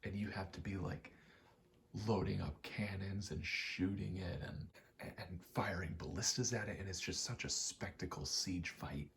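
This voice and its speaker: A man telling a story in a soft, whispered ASMR ramble, full of fillers and casual swearing. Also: low-pitched, unhurried, gravelly. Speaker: ASMR channel host.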